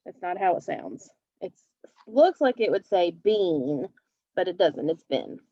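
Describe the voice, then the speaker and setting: Slow, patient woman teaching phonics. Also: lowish voice, very animated, dry recording, dull audio. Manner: slow, patient, sounding out letters. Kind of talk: phonics lesson for young children.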